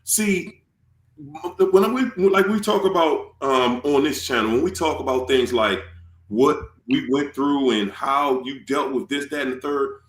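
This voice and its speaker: A man hosting his channel in casual chat, animated and swearing freely, acting out quoted tirades. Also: medium pitch, a little slow, roomy sound. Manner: animated, swears, acts out quoted rants loudly. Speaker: channel host.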